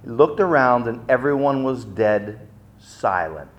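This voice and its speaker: A middle-aged man preaching a sermon, telling stories dramatically and acting out the quotes with big swings in loudness. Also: mid-range voice, expressive, unhurried, lo-fi sound. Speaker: pastor.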